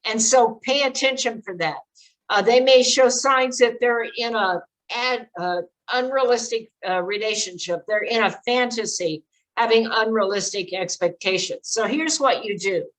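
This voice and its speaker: A woman's voice: on the high side, moderate pace, rough recording. An older woman giving earnest, direct advice to parents in a presentation, with frequent fillers. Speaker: speaker on child exploitation prevention.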